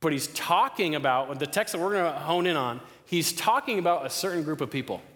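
Young guy preaching, bright punchy voice, pitch sits a bit high, lots of hall echo. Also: a little fast. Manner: lively, asks the crowd questions. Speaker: campus ministry speaker. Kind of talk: sermon. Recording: long hall reverb.

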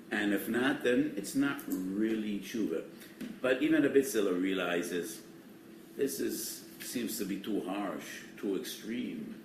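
An older man giving a Torah lecture as a rabbi, animated and emphatic, mixing in Hebrew and Yiddish terms. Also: medium pitch. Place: study hall. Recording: echoey hall, distant mic, faint noise.

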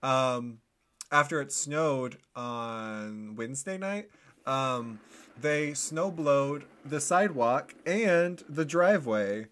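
A young man co-hosting a podcast in a loose, rambling way, full of fillers and self-deprecating laughs. He speaks at an ordinary pitch. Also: lively intonation, takes it slowly, fairly bright tone. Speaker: podcast co-host. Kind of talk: casual chat.

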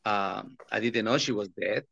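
A man being interviewed, telling his story in halting speech with many fillers, restarts. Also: lowish voice, vocal fry, sharp tone, no room sound. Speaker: interview guest. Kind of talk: personal interview talk. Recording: dull, slightly lo-fi recording.

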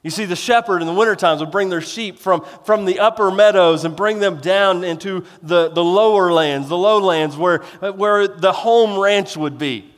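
A man's voice: high voice, moderate pace, hardly any pauses, big-room sound. A male pastor preaching a sermon in a folksy, rambling way, with restarts and self-deprecating humor.

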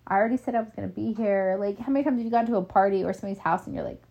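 A woman's voice: mid-range voice, very fast, few pauses, a bit bright. A middle-aged woman who works as a caregiver, talking casually and leaning on filler words. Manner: chatty, leans on "like" fillers. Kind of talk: casual talk.

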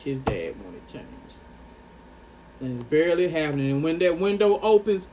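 A man's voice: on the high side, a little mellow, slight background noise. A man delivering an earnest, impassioned monologue to his viewers, pressing his points and repeating phrases for emphasis. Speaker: vlogger.

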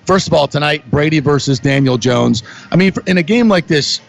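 A sports talk host with a gravelly edge to his voice, spinning an animated story. He jumps into quick impressions of the people he talks about, in a casual, chatty way. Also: a little high. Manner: animated storyteller, acts out quotes.

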